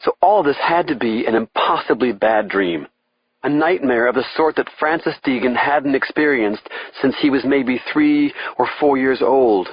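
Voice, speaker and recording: A man's voice: medium pitch, moderate pace, slightly rough, muffled recording. Man narrating a tense thriller. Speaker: audiobook narrator.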